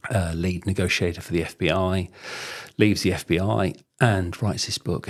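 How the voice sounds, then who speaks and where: A middle-aged man, a sales trainer talking through books and techniques in a chatty, rambling way, full of "you know". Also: low voice. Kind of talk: casual conversational interview.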